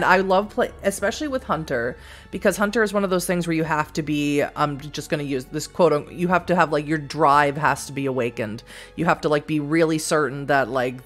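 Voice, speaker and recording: A woman streaming a text-based game, chatting casually and reading the story aloud in a bubbly, excitable way. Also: deep voice. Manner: bubbly and excitable, reads narration with gentle emphasis. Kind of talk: casual let's-play chat and reading aloud.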